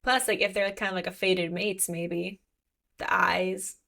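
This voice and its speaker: A woman co-hosting a casual book podcast, retelling the plot and acting out the characters' lines in quick, animated bursts. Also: lowish voice, vocal fry. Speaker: podcast co-host.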